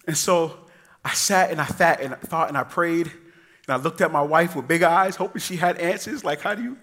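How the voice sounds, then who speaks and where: A man preaching a sermon, telling family stories with acted voices and shifting between loud emphasis and quiet, casual delivery. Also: fairly high pitch, normal speed. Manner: animated storytelling, acting out voices of his kids; casual, addresses the congregation as y'all. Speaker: pastor.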